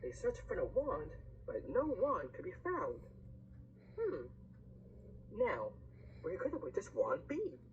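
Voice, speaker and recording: A woman reads a rhyming picture book aloud, her voice swooping wildly up and down. She pauses for little asides to the listener, over a faint background hum. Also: fairly low pitch, huge pitch swings, dull audio.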